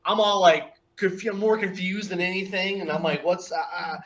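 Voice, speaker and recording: A man tells a story in loose, casual chat, laughing as he goes and acting out what people said. His voice sits a little high. The recording is dull and lo-fi. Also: moderate pace. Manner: animated anecdote with laughs and acted-out quotes. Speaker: guest wrestler.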